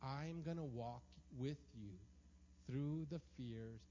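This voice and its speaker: A man's voice: medium pitch, takes it slowly, dark tone. A man in his thirties, a pastor, preaching a sermon in a chatty storytelling way and often asking "right?". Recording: long hall reverb, dull lo-fi sound, faint hum.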